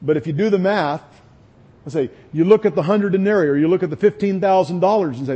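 A man delivering a sermon, speaking earnestly and conversationally to his listeners. His voice sits a little high for a man and has a husky grain to it. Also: quick pace, mellow, highs cut off. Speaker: pastor.

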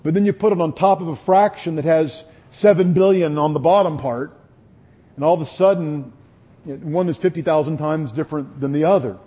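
A man's voice: a little high, moderate pace, dark tone, husky. A man preaching a sermon in an earnest, conversational way. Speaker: pastor.

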